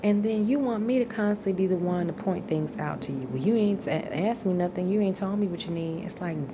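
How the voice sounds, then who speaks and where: A woman's voice: on the low side, normal speed, noisy background. A woman in an exasperated, profane personal rant, tired and venting, her voice climbing into outbursts. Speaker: vlogger venting.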